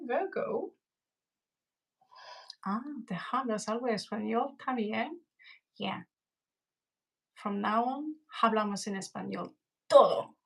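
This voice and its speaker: A woman giving a chatty, rambling tarot reading on a live stream. She talks slowly, and her voice has a gravelly fry. Her pitch sits at an ordinary middle level. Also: fairly bright tone, rough recording. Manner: rambling, chatty, greets viewers and mixes in Spanish. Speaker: tarot reader.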